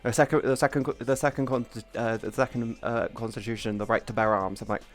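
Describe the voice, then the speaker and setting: A man's voice: mid-range voice, fairly even intonation, fast, faint music behind. A young man in casual chat, restarting his sentences and swearing. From United Kingdom.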